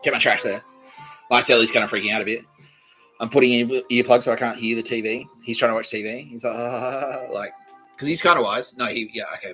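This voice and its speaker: Rambling, profane Australian man, bright voice. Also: lowish voice. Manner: profane, repetitive, swings between loud outbursts and mumbling. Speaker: podcast host. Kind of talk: rambling comedic monologue.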